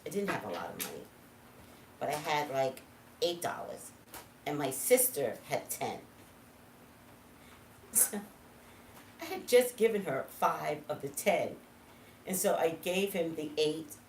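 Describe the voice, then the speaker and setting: Woman telling a story to camera, up and down a lot, echoey room, faint room noise. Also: far from the mic. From California. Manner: animated, swings from low asides to loud exclaims. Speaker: psychic vlogger. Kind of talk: casual storytelling monologue.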